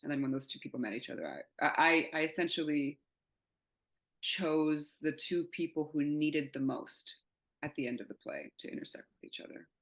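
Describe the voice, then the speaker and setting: Woman, thirties, low-pitched voice, candid, rambling, laughs and swears, interview guest. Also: normal speed, fairly bright tone, poor audio. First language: not English. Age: 30s. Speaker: playwright guest. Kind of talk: casual interview chat.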